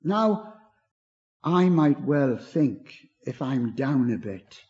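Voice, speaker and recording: An older man preaching a sermon, earnest and gentle, his voice rising on key words and falling away low. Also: expressive, drawn-out words. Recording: dull lo-fi recording.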